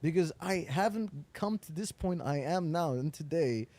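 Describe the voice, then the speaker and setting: A man talks through an interview in a casual, animated way, acting out quoted dialogue as he tells his stories. His voice sits fairly high but has a mellow, warm tone, and he swears freely. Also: normal speed. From Netherlands. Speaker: interviewee, entrepreneur.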